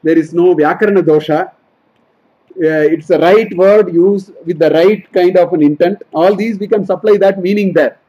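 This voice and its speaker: A man with a high-pitched, slightly rough voice speaks at a normal pace over lo-fi sound. As a Vedanta teacher running a scripture study class, he explains each verse line by line and frequently repeats or corrects himself.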